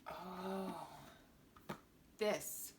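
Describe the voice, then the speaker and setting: A woman reading a children's picture book aloud to young viewers, with a playful, expressive storytelling manner. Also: lowish voice, very slow, slight background noise.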